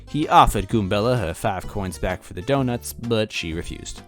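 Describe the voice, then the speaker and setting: A man's voice: fairly low pitch, animated, moderate pace, faint music behind. A man reading fan fiction aloud in first person, adding wry asides to the listener. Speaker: story reader.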